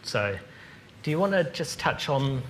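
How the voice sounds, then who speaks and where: A man's voice: medium pitch, sing-song, measured pace, fairly bright tone, a little hiss or hum. A man answering audience questions at a seminar in a casual, chatty way. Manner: casual, chatty, lots of ums. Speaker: seminar presenter. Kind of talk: live seminar Q&A.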